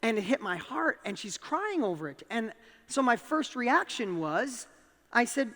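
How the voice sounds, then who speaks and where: A man with a New York accent giving a motivational talk, telling a personal story with animated, emphatic rises in his voice. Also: very high voice, measured pace, long reverb tail. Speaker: speaker.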